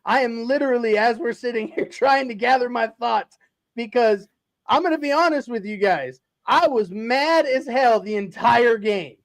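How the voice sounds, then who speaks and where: Breathless, stammering excited man. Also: very high voice, moderate pace. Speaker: podcast co-host. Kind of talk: excited post-game chat.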